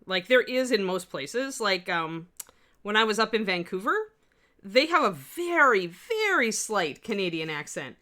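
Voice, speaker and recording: A woman's voice: mid-range voice, big pitch swings, unhurried, sharp tone. A woman with a slight West Coast accent, chatting casually as she teaches miniature sculpting on a live stream. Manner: chatty, rambling asides while working. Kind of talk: live-stream tutorial chat.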